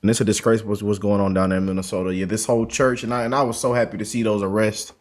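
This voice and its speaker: A man's voice: on the low side, level tone, racing, few pauses. A male show host giving casual commentary, loose and talkative, calling his audience family.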